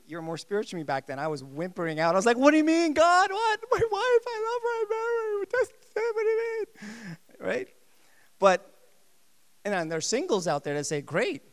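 A man preaching a sermon, emphatic and lively, repeating his key phrases. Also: high-pitched, smooth. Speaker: pastor.

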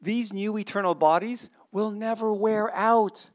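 A male preacher with a slightly high voice delivers a sermon to his congregation. He reads the verses aloud, throws questions out to the pews and goes from excited bursts to hushed, earnest repetition. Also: measured pace. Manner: animated, swings from excited shouting to quiet earnest emphasis. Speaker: pastor.

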